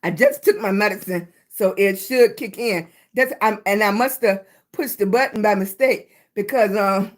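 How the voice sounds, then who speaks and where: A woman's voice: mid-range voice, normal speed, hardly any pauses. A woman with a Southern US accent hosting a casual livestream chat, greeting viewers by name on her phone. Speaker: livestream host.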